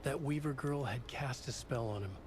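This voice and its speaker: A man voicing a grim storyteller who narrates in terse, brooding sentences, as game audio with clear background noise. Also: medium pitch, moderate pace, natural voice. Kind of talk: scripted narration.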